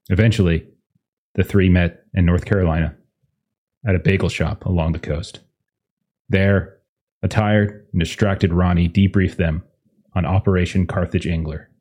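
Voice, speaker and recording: A man's voice: low voice, mellow. A man running a tabletop game as game master, casually swearing and mock-stern with his players before reading a recap.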